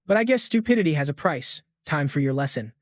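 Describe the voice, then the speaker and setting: A man voicing a calm, unbothered young male sorcerer who talks with cool contempt. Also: a little high, fast talker, dry recording, clean studio sound, lightly acted. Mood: cool, contemptuous. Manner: cool, contemptuous, ice-cold.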